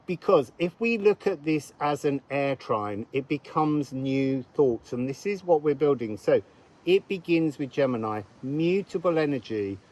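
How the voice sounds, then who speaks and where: Higher-voiced man giving a chatty astrology reading. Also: expressive, measured pace, a little mellow, low-quality recording. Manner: meandering, chatty, thinks aloud. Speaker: astrologer and card reader. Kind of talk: casual spoken astrology reading. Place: outdoors.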